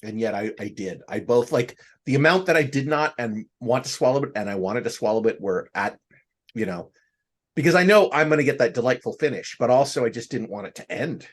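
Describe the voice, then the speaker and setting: A man's voice: mid-range voice, animated, brisk. A man hosting a casual podcast, a playful improviser who gushes and jokes. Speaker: host. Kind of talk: casual chat.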